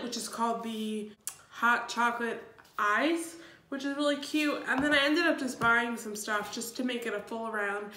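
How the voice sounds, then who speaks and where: Young woman, beauty vlogger, slightly congested, upbeat and chatty, bright tone, echoey room. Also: a little high, a little hiss or hum. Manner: chatty, upbeat, lots of ums. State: congested from a cold. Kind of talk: casual makeup tutorial chat.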